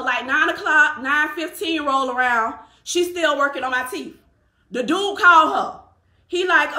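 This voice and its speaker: Casting note: high, bright woman, animated storyteller, echoey room. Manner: animated, acts out quotes of others. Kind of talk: casual storytelling.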